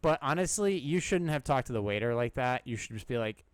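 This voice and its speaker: A man's voice: medium pitch, lively intonation, brisk, clean tone, dry recording. A man hosting an advice podcast, answering listener questions in a blunt, sarcastic way and swearing freely.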